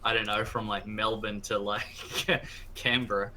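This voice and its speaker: Bright-voiced New podcast guest. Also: male voice, fairly low pitch, flat delivery, a little slow, slight background noise, poor audio. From New Zealand. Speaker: guest co-host. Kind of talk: casual tech podcast chat.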